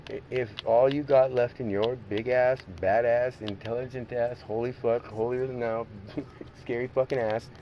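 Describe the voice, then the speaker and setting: A man's voice: medium pitch, fairly even intonation, normal speed, highs cut off, a little hiss or hum. A man chatting casually while streaming a racing game, rambling, swearing heavily and laughing often. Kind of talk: casual gaming stream chat.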